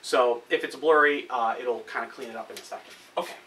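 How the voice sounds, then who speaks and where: A man's voice: mid-range voice, fairly quick, pushed and bright. A male chemistry teacher giving a chatty lesson at a whiteboard, often correcting himself and checking in with "okay?". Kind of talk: recorded classroom lesson at a whiteboard. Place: classroom with whiteboard. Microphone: camera set up across the room. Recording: distant camera mic, faint room hiss.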